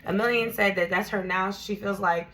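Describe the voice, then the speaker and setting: Woman, livestream host, chatty, reads comments aloud, mid pitch, bright tone. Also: fairly even intonation, moderate pace. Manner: chatty, laughs often, reads out viewer comments. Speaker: host, tarot reader. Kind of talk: casual livestream chat.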